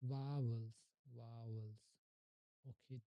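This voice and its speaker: A man's voice: medium pitch, flat delivery, slow pace, no echo, lo-fi sound. A man on a livestream practicing English pronunciation, muttering and repeating single words over and over to himself. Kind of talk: casual live practice, talking to himself.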